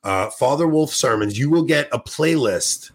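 A man's voice: mid-range voice, lively intonation, normal speed, breathy edge. A man hosting a podcast in casual chat, enthusiastic and rambling, sounding tired. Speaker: podcast host.

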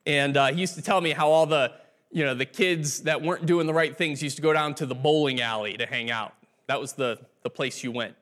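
A man's voice: on the high side, fairly quick, fairly bright tone. Man preaching a conversational sermon. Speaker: pastor.

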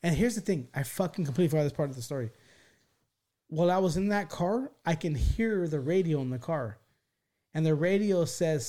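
A man's voice: a little high, a little fast. A man on a podcast telling a wild story in rambling, profane casual talk, full of restarts and acted-out quotes. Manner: animated, acts out quoted voices.

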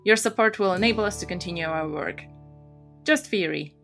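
A woman's voice: lowish voice, brisk, gravelly, a bit bright. A chatty woman co-host banters and laughs easily, then reads a podcast outro. Faint plucked guitar music plays in the background behind her voice. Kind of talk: casual chat and scripted outro.

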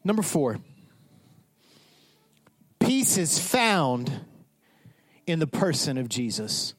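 Lively high-voiced pastor preaching. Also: male voice, measured pace, dry recording. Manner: animated, acts out voices of disciples. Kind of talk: sermon.

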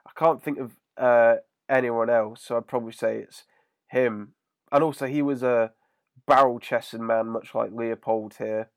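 A man co-hosting a casual chat, recapping an episode in a relaxed, filler-heavy way. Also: mid-range voice, measured pace, no echo, clean studio sound. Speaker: podcast co-host.

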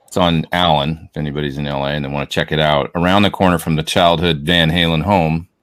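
A man's voice: very deep voice, no echo. A man hosting a casual chat, enthusiastic and chatty. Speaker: show host.

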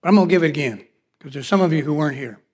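A fairly high-voiced man preaches a sermon from the pulpit, his words ringing with the long reverb of a big hall. He tells a personal testimony and acts out the voices in his stories. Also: racing, a little mellow, slightly rough. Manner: storytelling, acts out quoted dialogue. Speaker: pastor.

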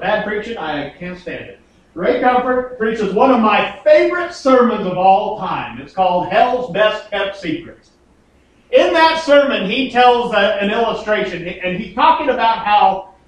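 A middle-aged man preaching a sermon in a folksy storytelling way, acting out the quotes with big swings in his voice. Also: extremely high pitch. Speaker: pastor. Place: church sanctuary. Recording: very echoey church recording from far off.

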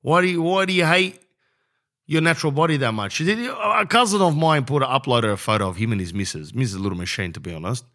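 A young Australian man talks through a rambling comic monologue on his podcast. He is brash and jokey, veers off topic and throws in plenty of slang. His voice sits at an ordinary pitch. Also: animated, fast, sharp tone. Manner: rambling, brash and jokey, says bro a lot. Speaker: podcast host. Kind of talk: comedic podcast monologue and host-read ad.

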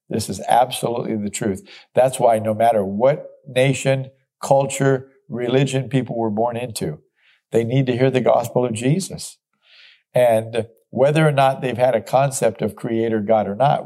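A man's voice: medium pitch, warm tone. A middle-aged man teaching from the Bible as a pastor, earnest and emphatic, reading verses aloud and explaining them.

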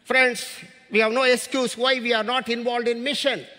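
A man in his fifties, from India, preaching a mission sermon with passion, his voice rising to shouts on key phrases. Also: very high-pitched, flat delivery, normal speed. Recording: long hall reverb.

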